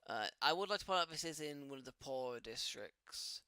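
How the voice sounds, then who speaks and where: Bright-voiced man running a tabletop game. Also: on the high side, animated, clear, resonant tone, no echo, studio quality. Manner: halting, many fillers and restarts. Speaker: game master.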